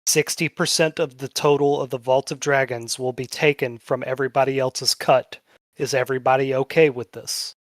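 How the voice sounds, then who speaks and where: A man narrating a tabletop game as game master, casual and swearing freely, slowing down for dramatic moments. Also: medium pitch, level tone, dry recording, studio quality.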